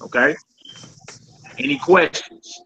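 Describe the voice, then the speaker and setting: A man's voice: slow, bright, forceful tone, highs cut off, slight background noise. A man teaching a Hebrew class in an informal, conversational way, often checking in with his students. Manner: informal, repeats "you know what I'm saying".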